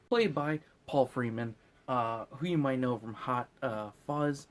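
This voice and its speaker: A man's voice: mid-range voice, lively intonation, takes it slowly. A drunk man hosting a casual movie recap, rambling and swearing as he goes. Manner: rambling, swearing, laughing at his own jokes.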